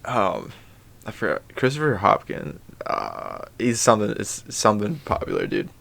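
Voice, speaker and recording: Gravelly young man, easygoing bro talk. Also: on the low side, wildly swooping pitch, normal speed, a bit bright. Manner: easygoing bro talk, hesitant with many fillers. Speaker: podcast co-host. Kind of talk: casual chat.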